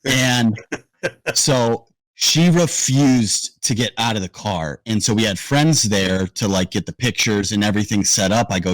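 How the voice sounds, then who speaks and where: A man with a lowish voice tells a story with wry asides in a casual podcast chat. His voice sounds close to the mic in a dry room with little reverb. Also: takes it slowly. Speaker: podcast co-host.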